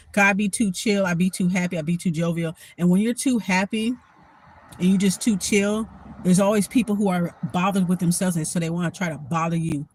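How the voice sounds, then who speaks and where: A woman telling a story in a casual vlog, blunt and profane, animated and quick to laugh. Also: on the low side, a little hiss or hum. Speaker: storytime vlogger.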